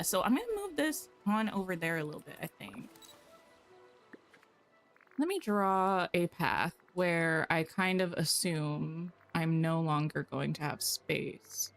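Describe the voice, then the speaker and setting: A woman's voice: fairly low pitch, big pitch swings, measured pace, fairly bright tone. Woman game streamer, casual and playful, talking through her choices, faint music underneath. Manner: chatty, thinks aloud, playful asides. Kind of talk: casual livestream chat while playing.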